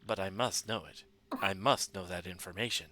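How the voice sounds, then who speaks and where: A man reading as a calm, formal computer. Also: low voice. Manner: measured, even, formal. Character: calm polite male computer intelligence.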